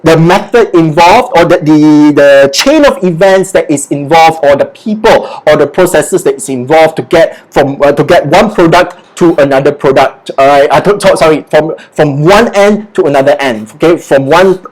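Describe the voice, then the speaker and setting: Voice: medium pitch, normal speed, few pauses, darkish tone, poor audio. Lecturer with a mid-range voice, running an online class and leading repetition drills. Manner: peppers speech with "okay" and "all right", drills pronunciation by repetition. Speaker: business English lecturer.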